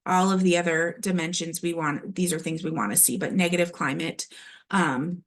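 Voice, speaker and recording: Woman doing a training talk, kinda low voice, lots of ums and restarts. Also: steady tone, normal speed, gravelly. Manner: hesitant, frequent ums and restarts. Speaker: early childhood classroom observation trainer. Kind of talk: recorded training presentation.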